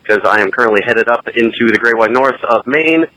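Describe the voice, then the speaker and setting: A man's voice: medium pitch, brisk, pushed and bright, poor audio. A man leaving a recorded call-in message for a podcast, laid-back and crude in his joking. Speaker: podcast co-host calling in.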